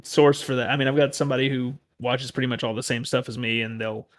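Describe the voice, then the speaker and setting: A man's voice: mid-range voice, fairly even intonation, fast talker. A man co-hosting a podcast, a parent talking casually in long rambling stories. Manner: rambling, self-correcting storyteller. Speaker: podcast co-host. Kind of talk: casual chat.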